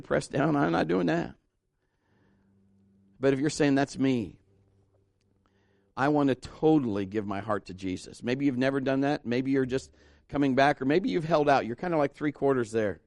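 A man's voice: mid-range voice, gravelly, no room sound. A man preaching a fervent sermon and leading an altar call prayer, exhorting his congregation and rising to emphatic peaks. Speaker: pastor.

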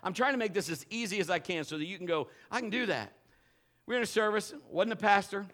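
A middle-aged man preaches to his congregation in a fairly high voice. He tells stories animatedly, jumping from loud exclamations to quiet asides. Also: fast. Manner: animated storytelling, swinging between loud bursts and low asides. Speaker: pastor. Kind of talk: sermon. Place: church service.

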